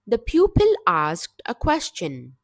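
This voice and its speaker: A woman teaching English vocabulary in a slow, deliberate scripted lesson, with measured, clear word-by-word delivery. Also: mid-range voice, huge pitch swings, dry recording, studio quality.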